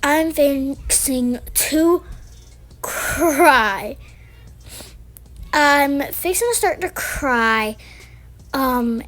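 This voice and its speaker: A high-pitched woman with a drawl chats through a casual storytime vlog. She rambles and circles back, restarting her sentences as she goes. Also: poor audio. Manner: rambling, chatty, with many restarts and fillers. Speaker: vlogger.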